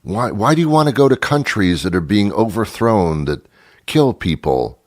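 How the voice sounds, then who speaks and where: A man's voice: on the low side, expressive, moderate pace, a little mellow, no echo. A middle-aged man hosting a talk show, delivering an exasperated comic rant full of rhetorical questions into a studio mic. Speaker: radio show host.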